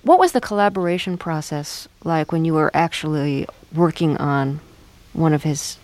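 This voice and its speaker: A woman's voice: low-pitched, animated, normal speed, a little mellow. A woman interviewer asking earnest, searching questions, with a few hesitant restarts.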